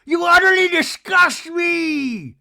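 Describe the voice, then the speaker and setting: A man's voice: slow pace, creaky, bright, forceful tone, raised voice, heavily acted. A man doing a shrieking, outraged woman. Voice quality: shrill, screaming. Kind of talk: comedic podcast impression.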